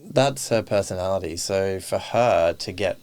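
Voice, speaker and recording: A man's voice: low-pitched, unhurried, smooth. A man, a podcast guest, chatting casually and animatedly, acting out bits of dialogue as he tells his stories. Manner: animated storyteller who acts out quoted dialogue. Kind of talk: casual interview chat.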